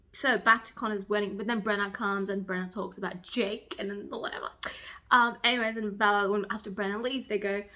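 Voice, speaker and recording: A young woman chatting casually in a reading vlog, gushing and excitable, breaking into squeals as she retells a romance novel. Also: medium pitch. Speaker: book vlogger. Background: construction voices.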